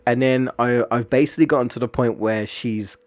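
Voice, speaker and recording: A man's voice: mid-range voice, fairly even intonation, a little fast, no echo. A man, streaming and chatting casually, rambling with many fillers and restarts. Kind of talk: casual chat about a story.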